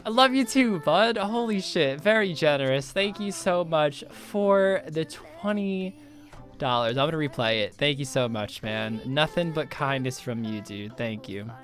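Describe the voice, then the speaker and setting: A man's voice: fairly high pitch, expressive, measured pace, faint music behind. Profane man streaming games. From United States. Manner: loose and profane, reads chat aloud and riffs on it. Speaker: game streamer. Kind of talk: casual live-stream chat with viewers.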